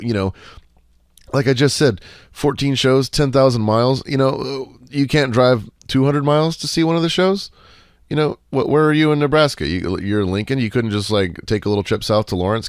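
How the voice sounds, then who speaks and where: Deep-voiced wry man, casual podcast host. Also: dry recording, clean studio sound. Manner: laid-back and wry, with sarcastic asides and casual swearing; rambling, with many fillers and restarts.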